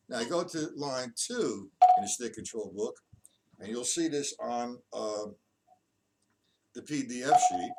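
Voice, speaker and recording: A man teaching a casual drum lesson. He explains stick patterns, counts the beats out loud, and keeps correcting himself. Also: medium pitch, animated, a little slow, loud music behind the voice. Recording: distant mic with loud drum noise.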